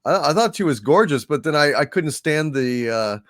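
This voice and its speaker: A man's voice: fairly high pitch, animated, normal speed, fairly bright tone, dry recording, studio quality. A man co-hosting a casual live-stream chat, sarcastic and mocking as he talks. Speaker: co-host.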